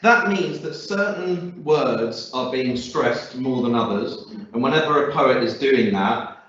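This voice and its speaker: A man's voice: mid-range voice, measured pace, a bit bright, highs cut off. Man teaching in an echoey classroom. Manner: encouraging, questioning, with many fillers. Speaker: English teacher. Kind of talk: classroom lesson. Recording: echoey classroom, far from mic.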